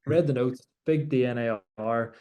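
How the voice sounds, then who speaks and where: A man's voice: medium pitch, moderate pace, mellow. A young man from Ireland, a doctor and rower, talking reflectively in an interview with many restarts. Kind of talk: conversational interview.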